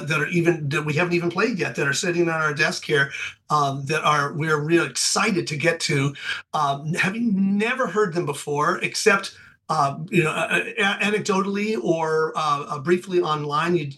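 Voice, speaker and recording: A man who plays in a string quartet, a radio interview guest who talks haltingly with many fillers and restarts. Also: on the high side, bright, forceful tone.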